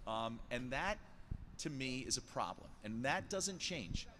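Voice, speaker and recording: Animated podcast guest, bright, lively delivery, slight background noise. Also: male voice, medium pitch, measured pace. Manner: animated, repeats words when emphatic. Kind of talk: podcast conversation.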